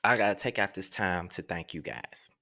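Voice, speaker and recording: A man's voice: sits low, normal speed, sharp tone. A man in his thirties hosting his own online show, talking emotionally to his viewers and close to tears, repeating himself as he thanks them. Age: 30s. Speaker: YouTube show host.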